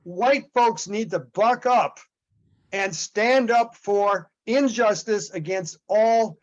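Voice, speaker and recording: Emphatic high-voiced man on a call. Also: takes it slowly, dull audio. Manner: emphatic, repetitive restarts. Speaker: activist in a group discussion. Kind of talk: impassioned group discussion.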